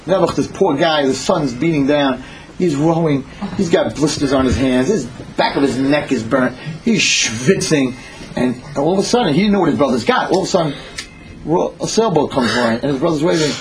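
A man telling a parable in an animated sermon style, repeating phrases as he goes. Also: a little high, moderate pace, a crowd in the background, rough recording. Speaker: storyteller. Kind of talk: storytelling sermon.

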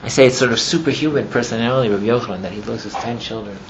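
A man teaches a class, rambling through a story with many filler phrases, and he grows animated as it builds. His voice sits at a middle pitch. The recording sounds dull and muffled, with a steady noise running behind it. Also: rapid-fire. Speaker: religious teacher.

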